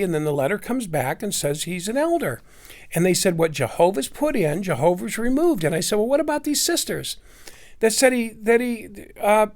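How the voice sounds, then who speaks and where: A middle-aged man rambling through a personal story, acting out what others said. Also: very high voice. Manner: rambling, with restarts and acted-out quotes. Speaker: storyteller recounting personal experience.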